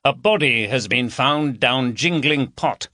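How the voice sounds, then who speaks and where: Gruff-warm Yorkshire DCI, brisk and teasing, raised bright voice, read by a male narrator, audiobook. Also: mid-range voice, no room sound, studio quality. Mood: hearty. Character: jovial Yorkshire male chief inspector, teasing.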